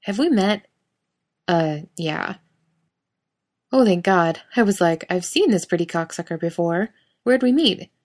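A woman voicing a brash, crude young man who talks loudly and rudely in a storybook reading. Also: lowish voice, animated, unhurried, long pauses. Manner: loud, crude, blustering.

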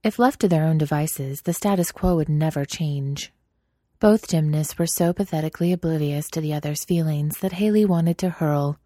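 A woman narrating a story in a steady, even reading voice. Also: low-pitched, moderate pace, no echo, studio quality.

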